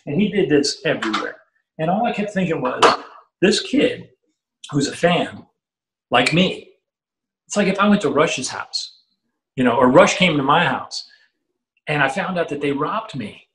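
A middle-aged guitarist, guesting on a storytelling interview, speaks with a fairly high voice, a little slowly and with frequent pauses. He's an animated storyteller who acts out quotes and swears freely, and the recording has a roomy echo.

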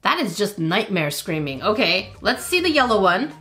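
A woman hosting a gaming video, talking through mobile games in casual let's-play commentary and reacting aloud with laughs and quick exclamations. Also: mid-range voice, big pitch swings, a bit bright, soft background music.

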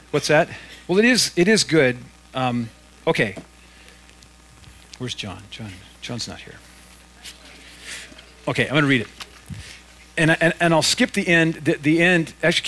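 Laid-back pastor guy preaching in church, husky voice, lots of ums and restarts. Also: medium pitch, a bit bright, poor audio. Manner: casual, with fillers and self-corrections. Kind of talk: sermon.

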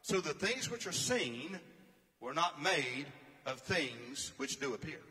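A man's voice: fairly high pitch, big pitch swings, slow, sharp tone. A man preaching a sermon, telling stories in an emphatic, preacherly way. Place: church or conference hall. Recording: long hall reverb.

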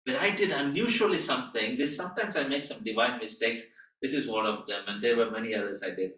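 A man tells a story to a class in a lively, animated way, his voice leaping up for emphasis and sinking low for quiet moments. His tone is bright and forceful. He is recorded from across a roomy, echoing space, and the sound is a little dull. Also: quick pace. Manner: animated storyteller, emphatic rises and soft drops. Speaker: guest teacher. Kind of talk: storytelling lecture. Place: teaching room at a training school. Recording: echoey room, far from mic, dull sound.

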